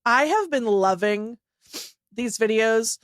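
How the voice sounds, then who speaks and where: A woman co-hosting a podcast in casual chat, joking and reacting quickly with lots of laughter. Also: a little high, expressive, dry recording, clean studio sound. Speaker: podcast co-host.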